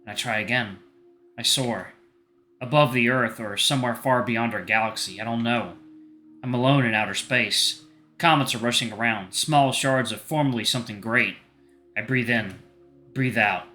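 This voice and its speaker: A man voicing an anxious, sensitive teenage boy, reading a visual novel aloud in a slightly halting, earnest way. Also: mid-range voice, bright, forceful tone, faint music behind, close to an everyday voice.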